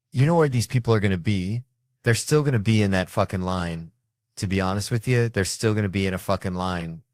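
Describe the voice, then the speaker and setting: Stand-up comic, middle-aged man, lowish voice, dry close sound, profane and animated. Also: a little fast, no echo. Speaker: stand-up comedian. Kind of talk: stand-up storytelling.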